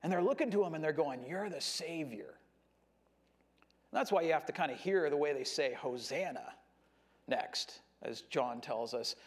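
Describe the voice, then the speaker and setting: A man preaching a sermon in a conversational, animated way, acting out what a crowd shouts. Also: fairly high pitch. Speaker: pastor.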